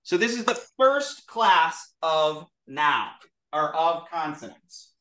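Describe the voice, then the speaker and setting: A man teaching a lively classroom lesson, drilling sounds aloud with his students. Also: on the high side, slow pace, distant mic. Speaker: Sanskrit teacher. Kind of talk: classroom lesson with call-and-response. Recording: roomy echo in a classroom.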